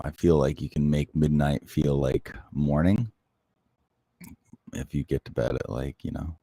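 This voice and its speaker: A man hosting a casual livestream, chatting softly and closely into the microphone as he answers viewer comments. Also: a bass voice, gravelly, no room sound. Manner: soft-spoken, close to the mic. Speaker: livestream host.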